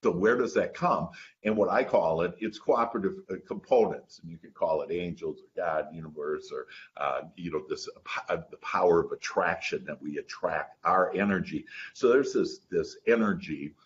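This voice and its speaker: A man's voice: low-pitched, moderate pace. A man speaking as a guest mindset coach in a casual interview, rambling and earnest. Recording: dull lo-fi sound.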